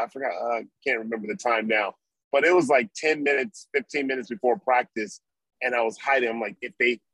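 Husky-voiced former football player telling stories. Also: male voice, mid-range voice, no room sound, poor audio. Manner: animated storyteller, acts out his own past thoughts. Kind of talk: storytelling interview.

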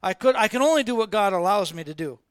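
A man's voice: high voice, animated, quick pace, clean tone, no echo, studio quality. A man playing a greedy, wicked male prophet who makes excuses and schemes. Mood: scheming.

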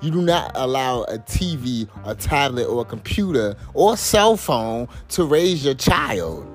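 A man hosting a casual commentary podcast, talking in a loose, rambling way with heavy swearing and constant fillers. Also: medium pitch. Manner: profane, rambling, lots of fillers. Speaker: podcast host.

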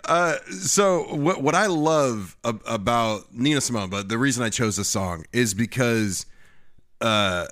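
A man's voice: mid-range voice, expressive, measured pace, fairly bright tone. A man co-hosting a podcast in casual chat, speaking earnestly and emphatically with slang. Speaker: podcast co-host.

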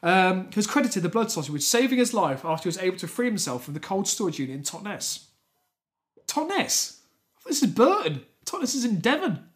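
A man's voice: high-pitched, very animated, normal speed. A man co-hosting a comedy podcast, reading out odd news stories and laughing often between jokes. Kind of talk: casual comedic chat.

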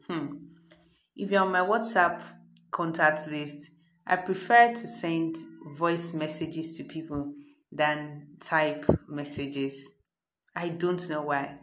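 Nigerian lady podcaster, deep-ish voice, rambling casually, no script. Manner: chatty, freewheeling, unscripted. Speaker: podcast host. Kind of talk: unedited casual podcast monologue. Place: at her parents' home.

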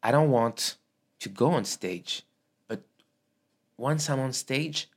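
Halting man. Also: mid-range voice. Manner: halting, searching for words. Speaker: podcast host. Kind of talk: casual interview chat.

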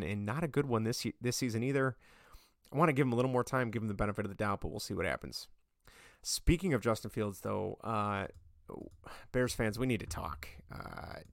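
A man hosting a sports podcast, talking casually and getting worked up into loud rants. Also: fairly low pitch, no echo, clean studio sound. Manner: ranting, gets worked up and loud. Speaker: podcast host. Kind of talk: casual sports opinion monologue.

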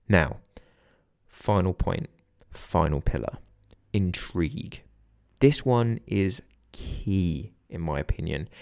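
A man hosting a solo podcast, speaking in an earnest, instructive way with a steady delivery. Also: fairly low pitch, creaky, dry recording, studio quality. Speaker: podcast host.

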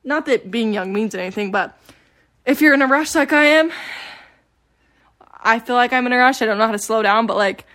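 A teenage woman records a casual, confessional vlog on her phone at home. She rambles, restarts and jokes at her own expense, her voice sitting somewhat high for a woman. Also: fairly quick, pauses often, a bit bright. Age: late teens. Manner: rambling, chatty, self-deprecating, filler-heavy. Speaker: vlogger. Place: home with dogs.

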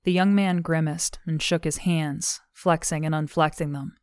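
A woman narrating an audiobook in measured, even storytelling, recorded on a close studio mic. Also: sits low, smooth, no room sound.

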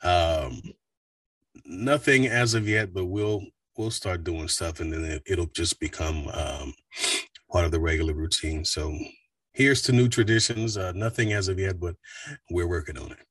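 A man's voice: low voice, measured pace, slightly rough, no room sound, far from the mic. A man, a voice actor, chatting casually in an interview, telling stories with plenty of fillers. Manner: relaxed, rambling storyteller with fillers. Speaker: voice actor guest.

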